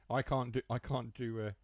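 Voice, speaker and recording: A young man from Huthwaite, Nottinghamshire, near Mansfield in England, streams a train game in a mid-range voice with no echo. He rambles through joking asides and drops his H's and T's.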